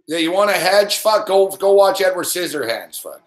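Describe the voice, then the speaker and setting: A man's voice: sits high, animated, moderate pace. A man hosting a live sports betting reaction stream, swearing and ranting at the games. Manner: profane, ranting, yells at the game. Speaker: host. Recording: echoey room.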